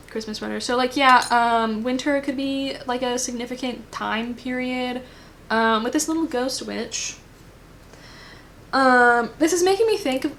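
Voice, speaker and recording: A woman's voice: on the high side, a bit bright, slight background noise. A woman giving a casual pick-a-card tarot reading, rambling and thinking aloud with lots of fillers. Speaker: tarot reader.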